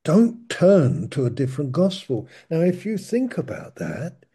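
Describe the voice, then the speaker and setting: A man teaching from the Bible in an informal, conversational way, slow and halting, often restarting his sentences. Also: fairly high pitch, huge pitch swings, dark tone, husky. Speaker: preacher.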